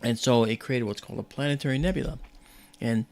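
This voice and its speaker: Telling a story on his livestream, a man chats casually and enthusiastically, peppering his speech with fillers. His voice is medium-pitched, gravelly and darkish, and he talks quickly.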